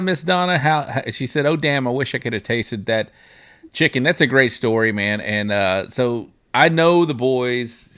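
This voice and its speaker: A man hosting a casual interview show, easygoing, giving shout-outs and asking his guest questions. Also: medium pitch. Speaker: show host.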